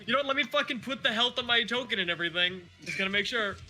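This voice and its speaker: A man with a high, piercingly bright voice plays a tabletop game in character. He sounds exasperated and insistent and swears freely. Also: racing. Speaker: player.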